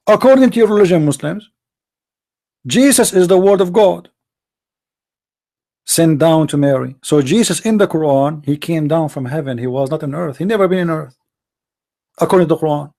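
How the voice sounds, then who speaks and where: A man's voice: on the high side, normal speed, vocal fry, long pauses, warm tone. A man hosting a live debate stream, arguing emphatically with rhetorical questions and non-native grammar. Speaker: live debate show host.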